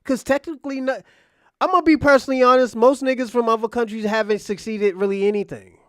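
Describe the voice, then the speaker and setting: A man's voice: very high-pitched, fairly even intonation, quick pace, a bit bright, clear, resonant tone, no echo, clean studio sound. A man giving heated reaction commentary, angry and profane, ranting in disbelief. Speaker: commentary streamer.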